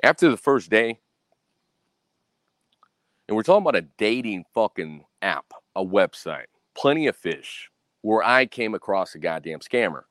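A young American man tells a story in a casual monologue, blunt and full of swearing. His voice sits on the low side but jumps around a lot in pitch, and he keeps tossing in "right?" The recording is dry and close, with little room sound. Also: sing-song, unhurried, fairly bright tone, dry recording. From United States. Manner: blunt, profane, ranting.

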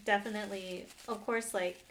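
A woman hosting a casual podcast, speaking in a gentle, affirming way. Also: mid-range voice, fairly even intonation, normal speed, slight background noise. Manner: gentle, affirming listener with soft agreements. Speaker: podcast host.

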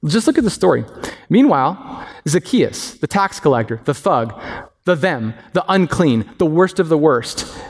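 A man preaching a sermon as pastor, animated and acting out the voices of others. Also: fairly high pitch, unhurried. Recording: long reverb of a hall.

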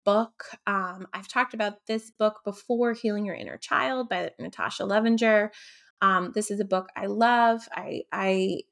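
A woman hosting her own podcast as a coach, talking in a gentle, reflective way with frequent ums. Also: medium pitch. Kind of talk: casual solo podcast talk.

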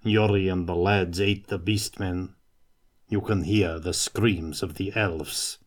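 A man's voice: sits low, fairly even intonation, slow. A man voicing a sickly, fearful little soldier who speaks grimly and plainly.

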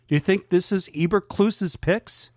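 A man's voice: sits high, a little slow, darkish tone, no echo, studio quality. A man co-hosting a sports podcast, asking questions and agreeing in casual chat. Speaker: podcast co-host.

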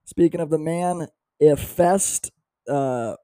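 A man's voice: on the high side, takes it slowly, mellow, dry recording, clean studio sound. A young man hosting a podcast, telling a crude, self-deprecating comedy story in a casual way. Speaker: podcast host.

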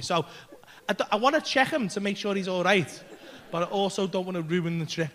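Brief: man, very high voice, animated sweary anecdote with acted screams. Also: fairly quick. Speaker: podcast co-host. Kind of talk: animated storytelling.

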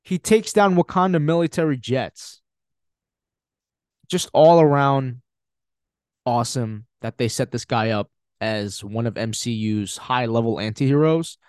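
A man's voice: medium pitch, unhurried, a little mellow, smooth, no room sound, studio quality. A man hosting a podcast, giving a casual, emphatic film review with frequent swearing and laughter. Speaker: podcast host.

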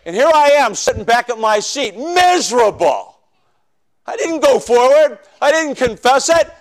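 A male preacher telling his conversion story in a sermon, swinging from loud shouts to hushed confession. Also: extremely high pitch, very animated, unhurried. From northern United States. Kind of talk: sermon testimony.

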